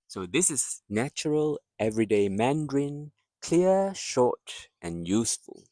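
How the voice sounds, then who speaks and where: A man teaching a beginner language lesson, speaking patiently and repeating each word clearly. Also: medium pitch, very animated, slow, a little mellow, no room sound, clean studio sound, recorded from a distance.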